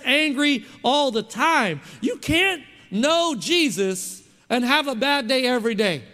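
A man preaches in a very high, bright voice, pressing his points home and throwing questions out to the congregation. His words ring out with a long reverb, as in a church hall. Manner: emphatic, keeps asking the congregation questions. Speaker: pastor. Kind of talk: sermon.

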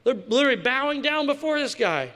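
A man's voice: very high voice, big pitch swings, quick pace, pushed and bright. A male pastor giving a sermon in a casual, joking way with slang asides. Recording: long hall reverb.

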